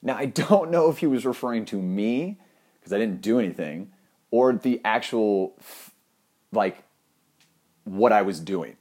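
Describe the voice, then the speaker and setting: Young adult man with a somewhat low voice, comic storyteller: animated, crude, self-deprecating. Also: a little slow, long pauses. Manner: animated, profane, self-mocking, laughs often. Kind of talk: comedic personal anecdote.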